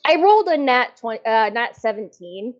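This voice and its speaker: Brief: woman tabletop player, laughs often, animated, lo-fi sound. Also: fairly high pitch, normal speed. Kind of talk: casual tabletop play.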